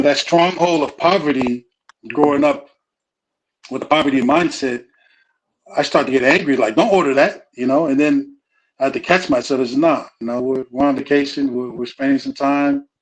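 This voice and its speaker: A middle-aged man speaking in a relaxed, conversational way. He wanders through his thoughts and restarts sentences often. He fills the gaps with plenty of "you know"s, and his voice sits at an ordinary middle pitch. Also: low-quality recording. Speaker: guest speaker on family. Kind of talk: casual conversational talk.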